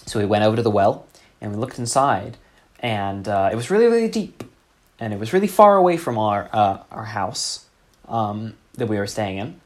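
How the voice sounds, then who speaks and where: A man telling a deadpan comic story in a rambling way, with many fillers. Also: lowish voice, normal speed.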